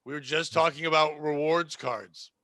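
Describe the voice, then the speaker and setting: A man's voice: fairly high pitch, steady tone, normal speed, bright, forceful tone. A man hosting a podcast, joking and swearing while acting out customer exchanges. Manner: joking, profane, acts out customers. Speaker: podcast host. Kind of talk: casual podcast chat.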